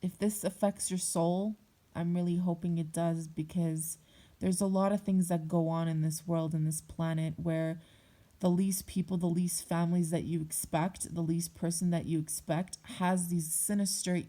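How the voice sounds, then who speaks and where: A woman's voice: fairly low pitch, little pitch movement, measured pace, dark tone. A young adult woman vlogger speaking bluntly and heatedly in a personal monologue, swearing often.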